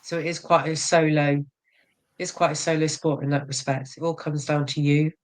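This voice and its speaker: A woman's voice: sits low, flat delivery, moderate pace, a little mellow. A woman in her forties, a bodybuilder guest in a casual interview, frank and self-mocking, laughing often.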